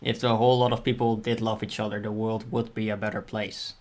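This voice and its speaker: A man hosts a livestream and chats casually while drawing. His voice is low-pitched and stays fairly flat. He rambles, corrects himself mid-thought and swears now and then. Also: brisk. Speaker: livestream host.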